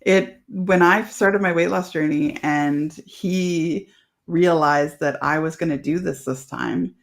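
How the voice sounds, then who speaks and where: A woman as a podcast guest, telling animated stories and swearing freely. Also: low voice, slow pace, gravelly. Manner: animated storyteller, swears, acts out quotes. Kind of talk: casual podcast chat.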